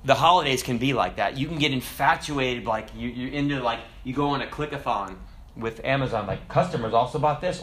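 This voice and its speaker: A man preaching a conversational sermon, quoting scripture and tossing in asides and tag questions, with big swings in pitch and loudness. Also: expressive, moderate pace. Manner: dramatic swings in pitch and volume.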